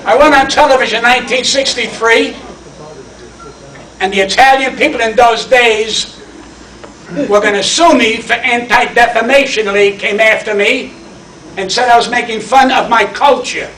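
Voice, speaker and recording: A man's voice: very high voice, steady tone, moderate pace, bright, forceful tone, recorded from a distance, slight background noise. A man, giving a brash, punchy stand-up acceptance speech full of wisecracks, in a banquet hall. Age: 80s. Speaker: award honoree and comedian. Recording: echoey hall, voice from off mic.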